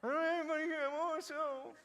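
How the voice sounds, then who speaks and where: Pastor putting on a high, whimpering, self-pitying beggar, a bit off-mic. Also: male voice, steady tone, racing, fairly bright tone. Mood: whiny. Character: whiny self-pitying disabled man.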